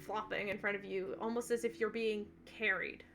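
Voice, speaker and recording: A woman's voice: medium pitch, flat delivery, normal speed, bright, forceful tone, soft background music. A woman game master narrating a tabletop game in a loose, casual way, full of fillers.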